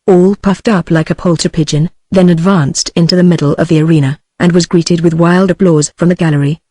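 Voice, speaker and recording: A text-to-speech woman's voice with a British English accent, reading a novel aloud in steady scripted narration. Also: lowish voice, no room sound. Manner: steady synthetic read-aloud delivery. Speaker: audiobook narrator.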